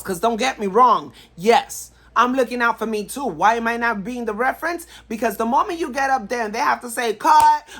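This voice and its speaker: A woman's voice: fairly high pitch, fairly bright tone. A woman vlogger talking straight to camera in a blunt, emphatic way, often repeating herself for stress. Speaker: vlogger giving life advice. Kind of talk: casual talk to camera.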